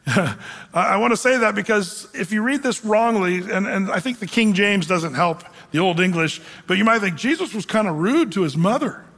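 A male pastor giving a sermon, preaching in an animated, conversational way with humor. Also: high-pitched, normal speed. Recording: long hall reverb.

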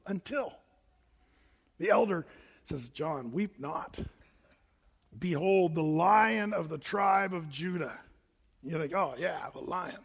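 A man teaching a Bible study in a conversational, animated sermon style, telling stories between readings of scripture. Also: high-pitched, big-room sound. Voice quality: animated storyteller, lively and chatty.

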